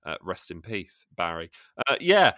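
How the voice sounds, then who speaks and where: Man, podcast co-host, very animated pitch, bright voice, wry. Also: unhurried, no room sound, clean studio sound. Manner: wry, joking asides. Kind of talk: casual podcast chat.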